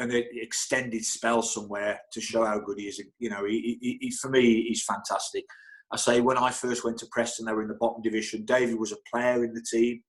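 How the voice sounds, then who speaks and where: A middle-aged man, a football club physio, chatting as an interview guest, telling stories animatedly with frequent stumbles, restarts and chuckles. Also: mid-range voice. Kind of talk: casual anecdotal storytelling.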